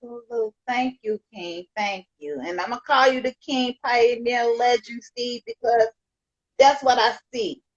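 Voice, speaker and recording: Chatty higher-voiced woman, dull audio. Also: normal speed. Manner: enthusiastic, admiring, chatty. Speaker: podcast host. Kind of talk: casual interview chat.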